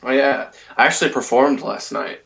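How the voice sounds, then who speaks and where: A man's voice: mid-range voice, vocal fry, a bit bright, recorded from a distance. A man co-hosting a casual talk show, reading a news story aloud with many fillers and restarts. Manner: loose, halting delivery with many fillers. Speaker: podcast co-host.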